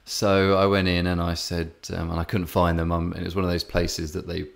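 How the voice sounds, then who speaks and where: A man with an English accent co-hosts a casual podcast, telling a story ramblingly with many fillers and restarts. His deep, creaky voice is completely flat and a little fast.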